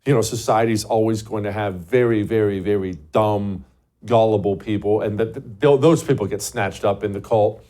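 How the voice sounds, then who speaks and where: A man's voice: fairly low pitch, normal speed, mellow. A man hosting a show, delivering a scornful, emphatic political commentary monologue full of rhetorical questions. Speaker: show host.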